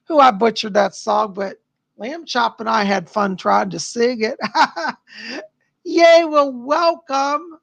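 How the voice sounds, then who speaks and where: Excitable psychic guy on a home livestream, high husky voice, dry close sound. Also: slow pace, no echo, dull audio. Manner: bubbly, gushing, laughs often. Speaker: psychic hosting a live stream. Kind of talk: casual live-stream chat.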